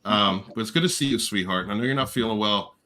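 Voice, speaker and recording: A man hosting a casual livestream, warmly shouting out chat viewers by name and joking playfully with them. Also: on the low side, fast. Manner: effusive, affectionate shout-outs to chat viewers. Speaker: livestream host.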